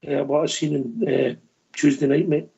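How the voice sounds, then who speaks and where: A man's voice: fairly high pitch, normal speed, creaky, mellow, husky. A Scottish man co-hosting a casual football phone-in in an easygoing way. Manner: easygoing, says "aye" and "mate". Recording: dull lo-fi phone-in audio.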